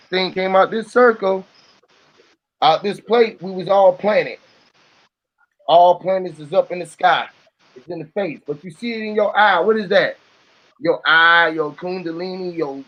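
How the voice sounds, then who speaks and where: Heard in lo-fi sound, a man with a fairly high voice speaks to the camera in a loose, freewheeling ramble. This vlogger muses aloud and swears as he goes.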